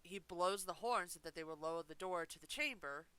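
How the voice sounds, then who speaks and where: Bright, crisp-voiced podcast co-host woman. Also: fairly low pitch, fairly quick, poor audio. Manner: enthusiastic, chatty. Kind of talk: casual chat.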